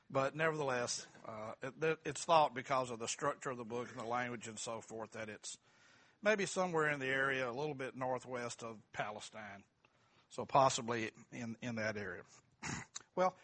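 A man's voice: a little high, fairly bright tone. A middle-aged man teaching a church Bible class, joking and quizzing the group. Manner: folksy, asks the group questions, self-deprecating humor.

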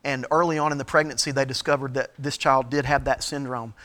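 A middle-aged man as a pastor, giving a sermon-style teaching talk, halting with frequent fillers and restarts. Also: mid-range voice, steady tone, a bit bright.

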